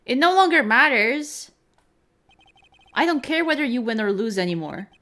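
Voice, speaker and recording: A woman's voice: fairly high pitch, very animated, normal speed, pushed and bright. A woman voicing an earnest young male defense lawyer, reading game dialogue aloud in a stern, scolding way.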